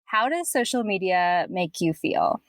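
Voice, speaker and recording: A woman's voice: on the low side, animated, unhurried, no room sound. A young adult woman hosting a podcast interview, chatty and upbeat in tone. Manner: chatty, upbeat, laughs often. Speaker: podcast host.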